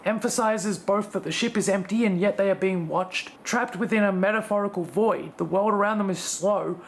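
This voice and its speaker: Reviewer voice, middle pitch, scripted scene-by-scene breakdown, a few hesitant restarts. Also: normal speed, a little hiss or hum. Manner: analytical, breaks down scenes one by one. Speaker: video reviewer. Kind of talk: scripted episode analysis.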